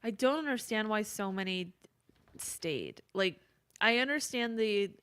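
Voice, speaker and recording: Young woman, podcast co-host, casual and reactive, asks a lot, swears, mid pitch. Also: lively intonation, unhurried, fairly bright tone, clear, resonant tone. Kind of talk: casual true-crime chat.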